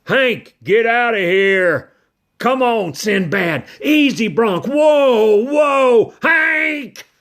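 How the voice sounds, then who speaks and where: A man voicing a harried cowboy on a bucking colt in a storybook reading, yelling frantically. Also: very high voice, animated, drawn-out words, pitched above the performer's own voice, full character voice. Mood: frantic.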